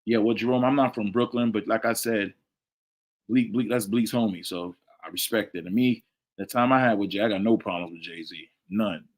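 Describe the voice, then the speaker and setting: A man's voice: fairly low pitch, normal speed. A man hosting a casual livestream Q&A, talking loosely to chat viewers by name and repeating himself. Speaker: livestream host answering chat questions. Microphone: desk microphone, sometimes leaning away from it.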